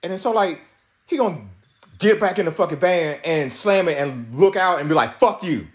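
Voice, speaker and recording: A man's voice: sits high, normal speed. A young man hosting a podcast, telling an angry story in a profane, agitated rant with many restarts. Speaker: podcast host.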